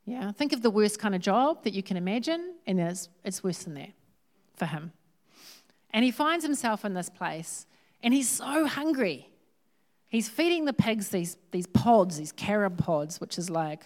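A woman who preaches a sermon in a lively, humorous, conversational way. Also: mid-range voice, normal speed.

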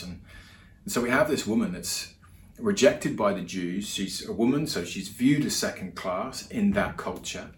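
Low-voiced preacher in an echoey hall. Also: male voice, expressive, moderate pace, slight background noise. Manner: conversational storytelling with many restarts. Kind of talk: sermon. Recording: roomy hall echo with faint ambience.

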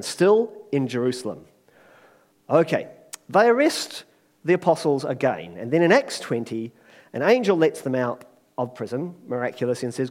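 A man preaching a sermon in a lively, conversational way, joking and acting out quotes. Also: on the high side.

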